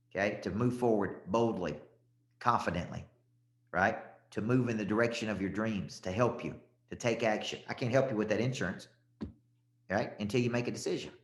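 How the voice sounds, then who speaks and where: A middle-aged man from Tennessee, coaching a live audience on sales closes in a punchy, emphatic way, checking in often with "okay?". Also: mid-range voice. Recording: echoey room.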